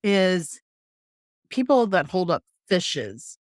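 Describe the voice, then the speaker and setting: A woman's voice: on the low side, big pitch swings, very slow, no room sound, clean studio sound. A woman hosting a podcast, talking frankly and with firm opinions. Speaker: podcast host. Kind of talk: casual podcast conversation.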